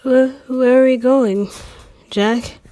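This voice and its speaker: Squeaky stammering fanfic heroine, over-the-top pleading, put on by a woman reader. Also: steady tone, slow pace, dark tone, a little hiss or hum. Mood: timid. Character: breathless young woman lover in a fanfic.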